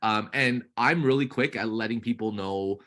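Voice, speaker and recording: A man's voice: lowish voice, moderate pace, fairly bright tone. A man coaching a real estate agent on a live call, upbeat and rambling with lots of fillers.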